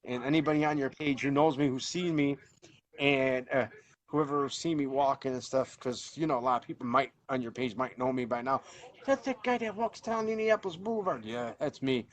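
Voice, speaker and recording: A man's voice: medium pitch, steady tone, normal speed. A man co-hosting a casual talk show, rambling and laughing often. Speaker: co-host. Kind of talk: casual chat.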